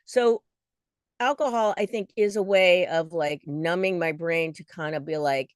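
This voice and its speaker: A woman's voice: fairly low pitch, moderate pace, no room sound, clean studio sound. A woman in her forties chatting in a casual vlog, restless and self-deprecating, with lots of fillers. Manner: talks in restless bursts with many fillers. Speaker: vlogger.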